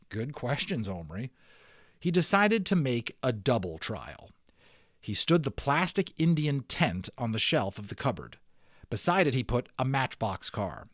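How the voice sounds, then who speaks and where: Animated male storybook narrator. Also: medium pitch, dry recording, studio quality. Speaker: audiobook narrator. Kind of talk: dramatic storybook reading.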